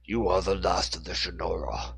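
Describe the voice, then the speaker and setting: A man voicing a menacing masked male villain with a slow, growling delivery. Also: deep voice, gravelly, a bit bright, slightly rough, exaggerated voice.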